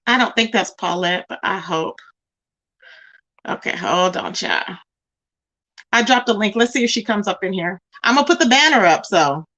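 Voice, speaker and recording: A woman's voice: mid-range voice, animated, normal speed, long pauses, pushed and bright. A woman hosting a casual livestream, chatting straight to her viewers and calling them "y'all" and "child". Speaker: livestream host.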